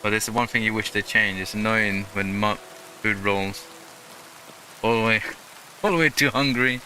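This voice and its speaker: A man's voice: lowish voice, moderate pace, pushed and bright, slight background noise. A man hosting a gaming channel, chatting casually through gameplay in a rambling way full of fillers.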